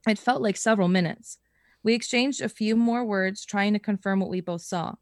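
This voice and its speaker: Young woman podcast host reading a story aloud, expressive, dry close sound. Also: mid-range voice, normal speed, no room sound. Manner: expressive reading, breaks into laughter and swearing.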